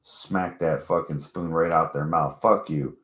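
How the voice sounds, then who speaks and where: A man's voice: extremely low pitch, steady tone, measured pace, fairly bright tone. A man hosting his own channel, telling a story in a loose, profane, mocking rant. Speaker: channel host. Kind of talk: casual rant to camera.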